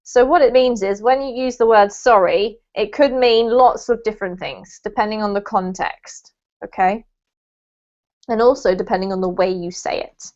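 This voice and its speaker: A woman's voice: mid-range voice, steady tone, normal speed, darkish tone. A woman teaching English in an online lesson, explaining words patiently and checking understanding with little questions. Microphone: video call. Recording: muffled video-call audio.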